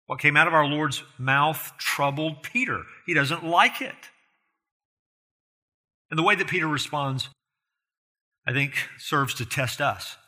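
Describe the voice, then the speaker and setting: Earnest bright-voiced preacher man. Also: on the high side. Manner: earnest, with rhetorical questions to the congregation; emphatic, rising in force on key points. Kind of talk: expository sermon.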